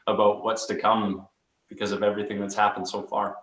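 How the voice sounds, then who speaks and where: Earnest low-voiced man on a call. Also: brisk, roomy sound, low-quality recording. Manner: earnest, excited. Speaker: participant sharing his story. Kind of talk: testimonial on a video call. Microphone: video call.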